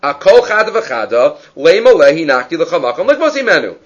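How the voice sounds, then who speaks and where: A man's voice: a little high, sing-song, brisk, highs cut off. A man giving a Talmud study lecture, explaining step by step and asking and answering his own questions. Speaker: Talmud teacher.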